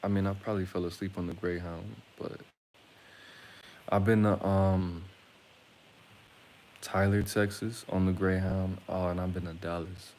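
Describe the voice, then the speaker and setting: Man, from Atlanta, very low voice, loose crude storytelling. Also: flat delivery, unhurried, long pauses, darkish tone, a little hiss or hum. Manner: rambling, joking, crude. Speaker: streamer. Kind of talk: casual storytelling to viewers.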